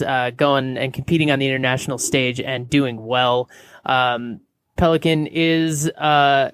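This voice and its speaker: A man's voice: fairly high pitch, smooth, no room sound. A man co-hosting a podcast, chatting casually and jokingly with many fillers. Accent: American. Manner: jokey, hesitant with many fillers. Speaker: podcast co-host. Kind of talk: casual chat.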